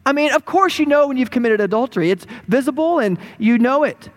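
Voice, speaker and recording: A man preaches, his voice sitting fairly high as he retells a story with animated energy. His words ring out with a long, trailing reverb from a large hall. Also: brisk. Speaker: pastor. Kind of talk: sermon.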